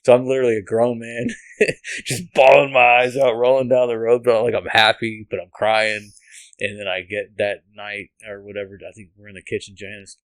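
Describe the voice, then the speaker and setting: A man from the United States tells his faith story as a podcast guest, earnest and rambling, circling back and restarting his sentences. His voice sits a little low, and the sound is close and dry with no room echo. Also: level tone, fairly quick. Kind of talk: emotional testimony.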